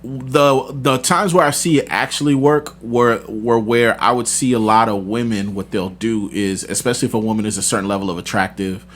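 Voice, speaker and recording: A man's voice: medium pitch, steady tone, normal speed, few pauses. A man hosting a podcast, talking casually and confidently, telling stories with animation. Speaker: podcast host. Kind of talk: casual chat.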